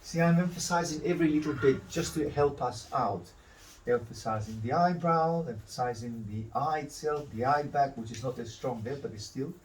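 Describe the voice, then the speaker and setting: A man's voice: mid-range voice, normal speed, far from the mic, slight background noise, poor audio. A man teaching a drawing demonstration, talking through each step and correcting himself as he goes. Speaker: art instructor.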